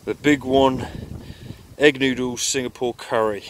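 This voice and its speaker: A man's voice: medium pitch, steady tone, a little slow, slight background noise. Chatty man vlogging outdoors. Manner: chatty, storytelling, frequent fillers. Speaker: motorcycle camping vlogger. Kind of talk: casual vlog to camera. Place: outdoors at a moorland campsite in winter.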